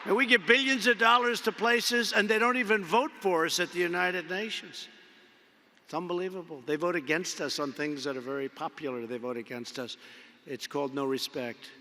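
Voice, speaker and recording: A man's voice: high-pitched, steady tone, moderate pace, pushed and bright. Man rambling through a speech in an echoing arena. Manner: rambling, repetitive, conversational asides. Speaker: political speaker at a convention. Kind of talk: off-the-cuff political speech. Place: large indoor convention arena. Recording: long arena reverb from a PA.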